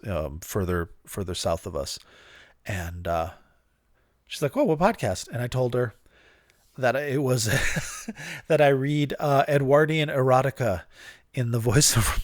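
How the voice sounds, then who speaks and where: A man's voice: medium pitch, dry recording. A man hosting his own podcast in a rambling, profane, self-mocking way, laughing often and fighting a dry cough. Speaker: podcast host. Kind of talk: casual solo podcast talk. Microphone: studio podcast mic.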